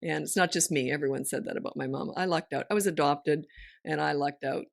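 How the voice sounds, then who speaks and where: Woman podcast host, middle-aged, frank and lively, dry studio sound. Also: deep voice, gravelly, dry recording. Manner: frank, lively storytelling with quick asides. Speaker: parenting coach and podcast host. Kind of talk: casual podcast chat.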